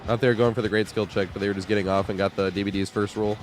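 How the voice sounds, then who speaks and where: A man's voice: on the low side, little pitch movement, very fast, background noise. A man streaming a video game, talking loosely and profanely with his viewers, his voice weak and congested from a cold. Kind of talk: casual livestream chat while gaming.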